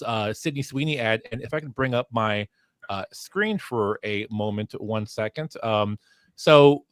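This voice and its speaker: A man's voice: mid-range voice, a bit bright, no echo, clean studio sound. A man filling in as host of a casual livestream talk show, rambling with lots of fillers and restarts, on a headset mic at home. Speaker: fill-in host.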